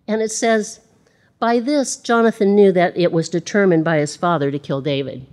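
A woman's voice: low voice, moderate pace, a little mellow. A woman giving a conversational sermon, reading scripture aloud and adding chatty asides. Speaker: Bible teacher.

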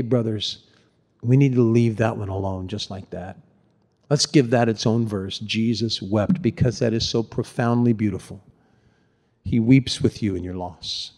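An older man preaches as a pastor, with a voice of ordinary pitch for a man. He talks to his listeners in a gentle, conversational way and often lets his voice fall soft and quiet when the words turn tender. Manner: conversational and tender, dropping to near-whispers at emotional points. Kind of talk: sermon.

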